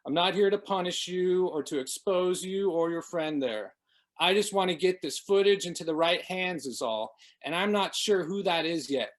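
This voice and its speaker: A man's voice: high voice, normal speed, pitched above the performer's own voice, natural voice. A man reading aloud, voicing a slurring, scheming man who turns panicky when threatened. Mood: smooth. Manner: wheedling, then pleading.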